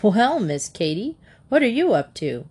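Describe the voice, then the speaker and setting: A woman voicing a stern, hurried father who speaks firmly and briskly. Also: medium pitch, very animated, darkish tone, husky, pitched above the performer's own voice. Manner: firm and brisk.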